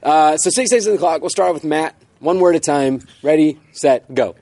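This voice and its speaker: A man's voice: on the high side, mellow, a little hiss or hum. A man hosting an improv comedy game show, reading stage directions and explaining rules in an upbeat way. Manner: upbeat, quick to laugh.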